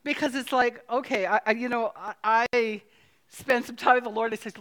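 A woman's voice: fairly high pitch, fairly even intonation, fairly bright tone. Earnest woman pastor preaching. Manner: earnest, conversational, with playful asides and slowed emphasis. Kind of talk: sermon. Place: church sanctuary, filmed. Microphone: filmed on camera.

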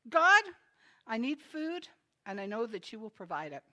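A woman voicing a bold elderly churchgoing woman who loudly and slowly exclaims her praise. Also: a little high, sing-song. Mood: hopeful. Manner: slow loud exclaiming.

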